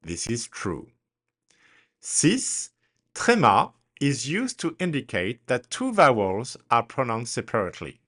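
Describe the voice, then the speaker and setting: A man teaching French pronunciation, speaking deliberately and spelling words out letter by letter in a slow drill. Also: medium pitch, wildly swooping pitch, a bit bright.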